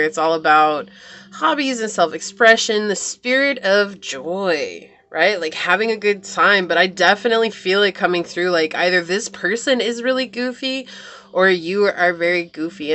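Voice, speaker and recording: A woman's voice: on the low side, a bit bright. A woman giving a pick-a-card tarot reading to her viewers in a chatty, upbeat way. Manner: chatty, upbeat, addresses viewers as you guys. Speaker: tarot reader.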